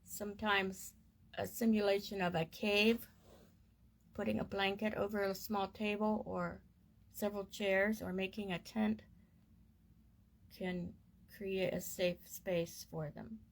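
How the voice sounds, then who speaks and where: A woman reading a parenting course book aloud in a gentle, measured and soothing way. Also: medium pitch, little pitch movement, gravelly. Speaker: reader of a parenting course text.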